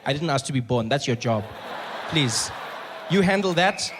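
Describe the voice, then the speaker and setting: Over a noisy background, a man from South Africa performs stand-up at a moderate pace. His storytelling is lively, and he voices the people in his tales with large pitch swings.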